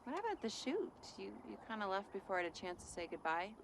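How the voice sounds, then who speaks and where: An actress playing a quirky, playful sitcom character in a TV clip. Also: female voice, mid-range voice, very animated, fast talker, slight background noise. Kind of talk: sitcom acting.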